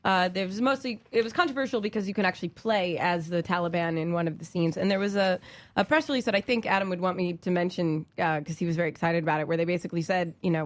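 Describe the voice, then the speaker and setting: A woman's voice: fairly low pitch, fast. Chatty woman co-hosting a talk show. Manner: chatty, rambling, reads news items aloud. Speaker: podcast co-host. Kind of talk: casual chat.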